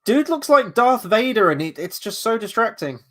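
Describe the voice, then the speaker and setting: Male watchalong host, slightly high voice, loose rambling commentary, casual swearing. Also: big pitch swings, normal speed, fairly bright tone. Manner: reads out and answers chat questions. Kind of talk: live movie watchalong commentary.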